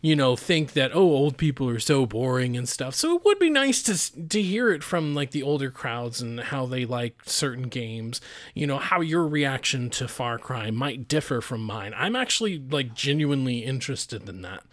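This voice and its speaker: A man's voice: medium pitch, animated, normal speed, fairly bright tone, dry recording. A young man hosting a podcast, chatting casually and crudely joking as he reads out listener messages, often laughing. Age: young adult. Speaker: podcast host. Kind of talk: casual chat.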